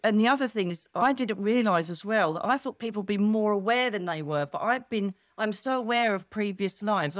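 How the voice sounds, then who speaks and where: Animated middle-aged woman, dry close mic. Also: mid-range voice, no room sound. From England. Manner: animated, expressive storyteller who acts out quotes. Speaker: guest. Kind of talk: casual chat.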